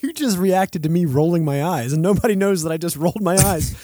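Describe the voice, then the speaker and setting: A man with a somewhat high voice co-hosts a podcast, ribbing his partner with quick, wry reactions. His intonation is animated and bounces around. The room is dry and close. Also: dry recording. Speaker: podcast co-host. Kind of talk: casual chat.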